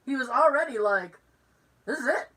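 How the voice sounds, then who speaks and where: A bright, animated woman with a Massachusetts accent tells a story on a podcast in a casual, chatty way. Her pitch sits a little high and swings widely as she acts out other people's lines, and she sounds a bit far from the mic. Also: normal speed. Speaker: podcast co-host.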